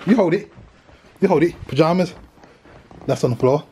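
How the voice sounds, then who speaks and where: A man's voice: a little high, normal speed, dark tone, slightly rough. A British man vlogging with his family, teasing and joking on a handheld camera. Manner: teasing, jokey, bantering. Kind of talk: casual family vlog.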